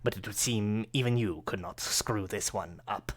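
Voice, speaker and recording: A man voicing a cold, scornful male villain lord who gives orders in a low, hushed voice. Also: moderate pace, lightly acted. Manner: cold, contemptuous, commanding.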